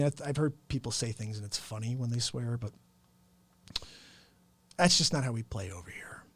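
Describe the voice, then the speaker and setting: A man hosts a casual solo stream, talking in an earnest, upbeat, rambling manner. His voice sits somewhat high for a man, and the sound is dry and close with little room around it. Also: no room sound. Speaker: host. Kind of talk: casual solo livestream talk.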